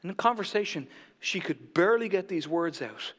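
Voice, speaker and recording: A man preaching a sermon from the pulpit, moving between loud proclamation and hushed near-whispers. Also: high-pitched, expressive, a little fast, big-room sound. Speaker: pastor. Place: church sanctuary.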